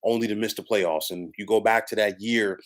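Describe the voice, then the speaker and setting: A man's voice: on the low side, fairly even intonation, a little fast. A man delivering a solo sports opinion monologue, emphatic and given to repeating stock phrases. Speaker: sports commentator.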